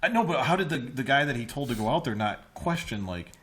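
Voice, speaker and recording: A man's voice: mid-range voice, lively intonation, a little fast, fairly bright tone. A man co-hosting a casual podcast, joking and steering the talk. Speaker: podcast co-host. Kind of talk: casual chat.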